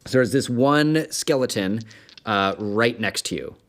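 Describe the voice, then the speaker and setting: A man's voice: mid-range voice, expressive, measured pace, fairly bright tone. Chatty man running a tabletop game. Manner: loose and chatty, with lots of fillers and laughs. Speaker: dungeon master.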